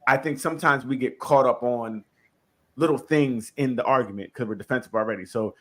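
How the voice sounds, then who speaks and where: Animated man co-hosting a chat. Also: mid-range voice, fairly quick. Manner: animated, laughing, repeats himself. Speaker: podcast co-host. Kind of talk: casual group discussion.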